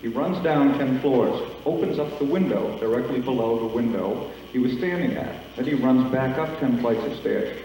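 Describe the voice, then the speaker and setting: A man emceeing a school talent show, spinning a long joke in a drawn-out, deadpan way. His voice is middle in pitch and rings through a very echoey auditorium. He is recorded from far off, with a faint hum of the crowd behind him. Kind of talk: stand-up joke telling. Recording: echoey hall taped from afar.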